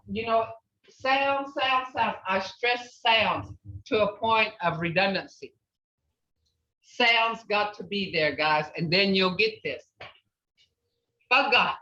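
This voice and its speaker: A woman teaching a language class, patiently repeating words slowly to model pronunciation. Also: medium pitch, bright, forceful tone. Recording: roomy, distant, dull lo-fi classroom recording.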